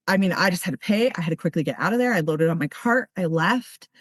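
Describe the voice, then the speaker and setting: A woman's voice: medium pitch, animated, fast, few pauses, dry recording. Brief: woman, heartfelt recovery share, mid-range voice, close dry sound. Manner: earnest, heartfelt storytelling with many restarts. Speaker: speaker at a recovery meeting. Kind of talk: personal testimony.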